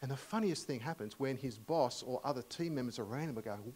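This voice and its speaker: A middle-aged Australian man preaching a sermon in a church, telling humorous stories warmly with many fillers and restarts. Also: mid-range voice, fairly quick, low-quality recording. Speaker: guest preacher. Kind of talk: storytelling sermon.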